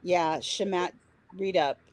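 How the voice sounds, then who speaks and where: A woman co-hosting a casual livestream chat, gently and sympathetically addressing viewers. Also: on the low side, slow. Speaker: livestream co-host.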